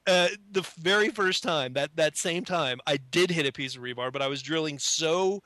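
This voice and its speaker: Self-mocking male storyteller, animated and bright, close dry sound. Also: fairly high pitch, moderate pace, few pauses, no echo. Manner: self-mocking, animated, acts out his own shocked voice. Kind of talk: casual anecdote.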